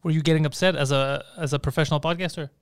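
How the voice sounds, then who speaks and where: A man's voice: on the high side, fairly even intonation, clean tone. A man hosting a podcast, joking and teasing his co-hosts in casual comedic chat. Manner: joking, teasing, quick comebacks. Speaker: podcast host.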